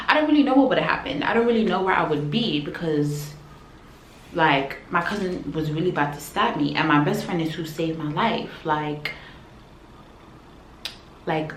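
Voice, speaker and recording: A woman vlogger telling a personal story in a casual, animated, slangy way that swings between loud and quiet. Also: on the low side. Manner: animated, slangy retelling, shifts loudness. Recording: echoey room, faint background hum.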